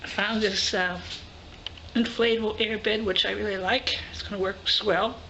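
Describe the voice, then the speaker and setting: A woman's voice: mid-range voice, fairly even intonation, moderate pace, pushed and bright. An older woman vlogging casually, chatty and enthusiastic as she shows her gear, first in a garage and then outside by a car. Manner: chatty and enthusiastic, thinking aloud. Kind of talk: casual show-and-tell video. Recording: dull recording with noise behind.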